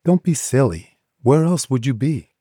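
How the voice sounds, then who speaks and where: A playful young barmaid in an audiobook, put on by a man, pitched up a bit, dry sound. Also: expressive, a little slow, mellow, slightly rough, dry recording. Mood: teasing. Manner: chatty, playful. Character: friendly young woman bartender, teasing.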